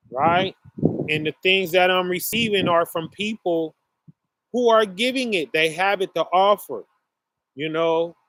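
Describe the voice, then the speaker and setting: Slow-talking man chatting to viewers. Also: fairly high pitch, fairly bright tone, dry recording. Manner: slow, rambling, many fillers, addresses audience as y'all. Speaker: online show host. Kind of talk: casual monologue to viewers.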